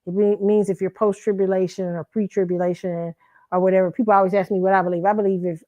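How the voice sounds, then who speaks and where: A woman's voice: mid-range voice, level tone, fast talker, warm tone, no echo. A woman hosting a commentary stream, telling stories in a chatty, rambling way and often correcting herself mid-sentence. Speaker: host. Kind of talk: casual commentary and storytelling.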